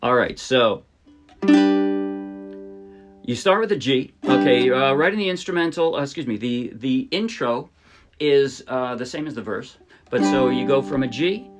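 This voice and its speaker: A man's voice: mid-range voice, lively intonation, unhurried, pauses often, loud music behind the voice. A man teaching ukulele in a casual tutorial, explaining in a chatty, friendly way and often correcting himself mid-sentence. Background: his own ukulele playing.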